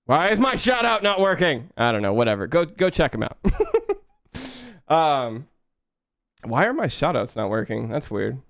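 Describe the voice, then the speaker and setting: A man's voice: medium pitch, very animated, normal speed, vocal fry, long pauses, fairly bright tone, no room sound, studio quality. Laid-back young man streaming code. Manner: laid-back, chatty, laughs often, talks to chat. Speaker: live-coding streamer. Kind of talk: casual live-stream chat while coding.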